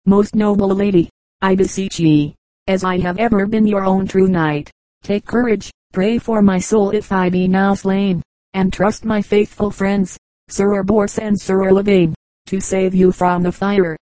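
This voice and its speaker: A woman's voice: mid-range voice, fairly even intonation, measured pace, dark tone, no room sound, close to an everyday voice, rough recording. A woman reading the lines of a brave, loyal young knight in an audiobook, earnest and formal. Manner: earnest, formal old-style speech.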